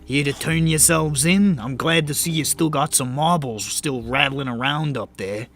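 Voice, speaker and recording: Guy doing a smug sarcastic cop, bit high-pitched, sneery. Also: normal speed, fairly bright tone, a little hiss or hum. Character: sneering, foul-mouthed male city detective.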